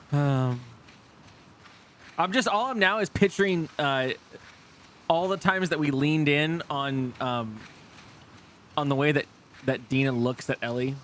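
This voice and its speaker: Man, streamer, casual game commentary, fairly high voice, swears a lot, thinks out loud, faint background noise. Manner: animated, swears often, thinks aloud.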